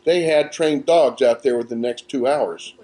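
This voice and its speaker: A man's voice: mid-range voice, normal speed. Guy telling funny behind-the-scenes stories, acts out the voices, live podcast in a little theatre. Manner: animated, acts out quotes with laughter. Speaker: actor telling set stories as guest. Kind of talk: casual anecdotal storytelling.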